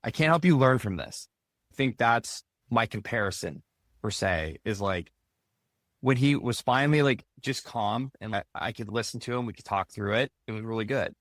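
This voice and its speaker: A man with a lowish voice talks through an interview in a loose, chatty way. He keeps dropping in "like" and "right?" as he thinks aloud. The recording is close and dry, with no room sound. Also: normal speed, fairly bright tone, no echo. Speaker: podcast guest, youth baseball coach. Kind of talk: casual conversational interview.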